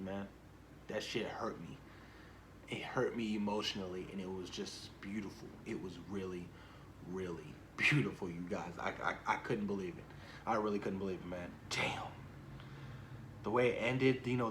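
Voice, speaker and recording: A young man in a casual, gushing film review who keeps repeating himself and trails off softly at the ends of lines. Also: mid-range voice. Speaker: movie vlogger.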